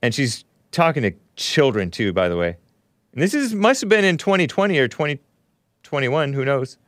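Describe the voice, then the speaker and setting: A man's voice: mid-range voice, animated, brisk, fairly bright tone, dry recording, studio quality. A man hosting a call-in radio show, reading posts aloud and mocking them in a scornful, sarcastic, rambling way. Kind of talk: opinionated call-in radio talk.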